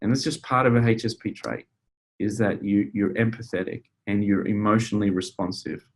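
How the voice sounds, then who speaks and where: A man's voice: lowish voice, fairly quick. Man teaching a casual webinar. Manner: conversational, with frequent fillers and restarts. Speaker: counselor and webinar presenter.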